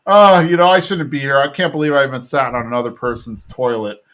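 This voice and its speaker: A man's voice: mid-range voice, brisk, a bit bright, natural voice. A man putting on the voice of an uptight, earnest middle-aged dad while retelling a cartoon episode. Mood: upset.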